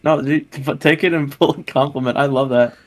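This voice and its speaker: A man's voice: mid-range voice, fairly even intonation, moderate pace. A man co-hosting a casual podcast chat, giggly and rambling with stammering restarts. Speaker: podcast co-host.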